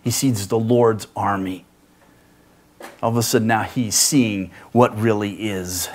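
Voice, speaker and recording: A male pastor delivering a sermon in an animated, rhetorical way, often tossing in "right?" asides. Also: fairly low pitch, a little slow.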